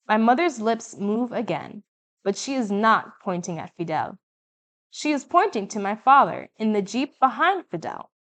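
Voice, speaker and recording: A woman narrating an audiobook in the first person, with measured, vivid storytelling. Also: medium pitch, a bit bright.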